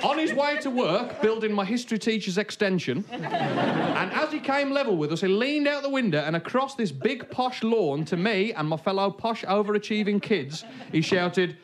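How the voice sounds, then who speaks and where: A young man with a Black Country accent telling a comic story to a live audience, animated with comic asides. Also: high-pitched, normal speed, crowd noise. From Black Country, England. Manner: animated, comic asides, bursts into shouted impressions. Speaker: comedian. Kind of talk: stand-up storytelling. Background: audience laughter.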